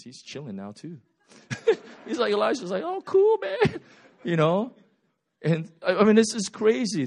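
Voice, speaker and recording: A man preaching a sermon, retelling Bible stories with lively voices for the characters and swinging between loud bursts and quiet, slow passages. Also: medium pitch. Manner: animated storytelling, acts out biblical characters' voices.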